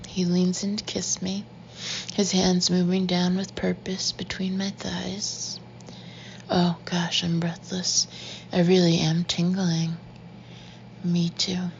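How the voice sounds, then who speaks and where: Slow, gravelly-voiced woman narrating intimately. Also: fairly low pitch, level tone, lo-fi sound, slight background noise. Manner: intimate, often breathy and hushed. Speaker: audiobook narrator. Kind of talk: first-person audiobook narration.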